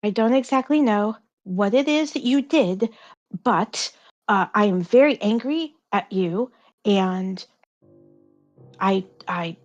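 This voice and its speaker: A woman speaking in character as a blunt, angry young adventurer, halting with fillers and restarts. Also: medium pitch, expressive, lo-fi sound.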